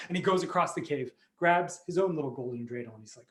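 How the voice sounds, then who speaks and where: A man telling a story on a video call, lively and full of sound effects and character voices. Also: sits high, fast, few pauses, reverberant. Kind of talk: animated storytelling for families.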